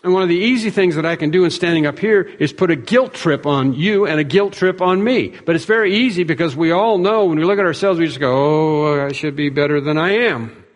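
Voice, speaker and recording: Earnest preacher man in a reverberant hall. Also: sits high. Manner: earnest, measured preaching with acted-out quotes. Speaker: pastor. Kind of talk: sermon. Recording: long reverb of a large hall.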